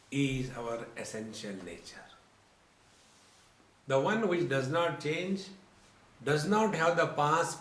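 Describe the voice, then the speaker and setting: Slow, deliberate male spiritual teacher. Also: medium pitch. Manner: slow, deliberate, addresses listeners as friends. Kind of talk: religious discourse. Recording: roomy lecture hall.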